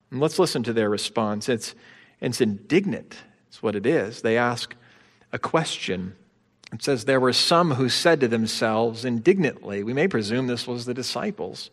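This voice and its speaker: A man pastor preaching a sermon, swinging between hushed, slow passages and emphatic, rising ones. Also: mid-range voice, in a large hall. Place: church sanctuary.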